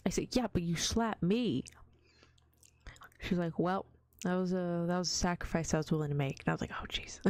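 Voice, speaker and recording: A woman's voice: lowish voice, darkish tone, no echo. A young woman streaming as a vtuber in whispered role-play, telling stories in a chatty, giggly way that slips into whispers.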